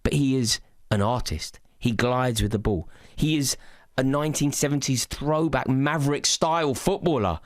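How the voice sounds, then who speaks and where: A man's voice: medium pitch, dry recording. A man gives a passionate, eloquent monologue about his club to camera. He sounds earnest and rhetorical, recorded dry and close with no room sound. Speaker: football fan content creator.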